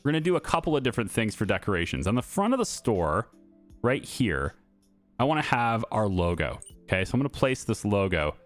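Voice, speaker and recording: A man's voice: on the low side, big pitch swings, fairly quick, soft background music. A man giving casual gameplay commentary, thinking aloud with fillers and restarts as he builds. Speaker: gaming YouTuber.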